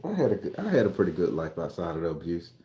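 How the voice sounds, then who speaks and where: Animated, profane man in an echoey room. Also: deep voice, quick pace, noisy background. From South Carolina, USA. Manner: animated, profane, laughing storyteller. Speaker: YouTube tarot reader and storyteller. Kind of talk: casual livestream chat reading viewer comments. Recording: roomy echo.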